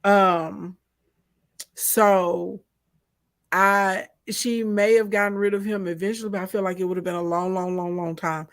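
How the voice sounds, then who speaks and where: A woman with a Southern US accent co-hosting a casual chat, animated and emphatic as she talks listeners through her views. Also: mid-range voice, a little slow, no room sound, clean studio sound. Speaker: co-host.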